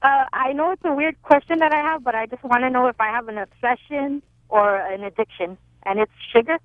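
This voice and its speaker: A woman's voice: high-pitched, brisk, no echo. A young woman in her twenties calling in to a radio show, talking in a rambling, hesitant way. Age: 20s. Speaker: caller. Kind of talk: call-in radio chat. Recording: tinny phone line.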